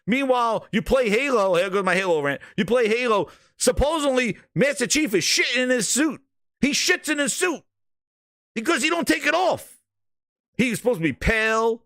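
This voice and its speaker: A man hosting a casual livestream, ranting about games in a profane, excitable way with frequent laughter. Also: sits high, moderate pace, no echo, clean studio sound. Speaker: gaming news streamer.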